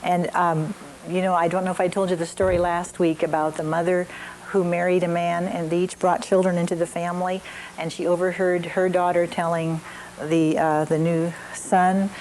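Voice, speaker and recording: An older woman teaching a parenting class, gently telling stories from her own family with frequent restarts. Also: fairly low pitch, little pitch movement, normal speed, slight background noise, poor audio.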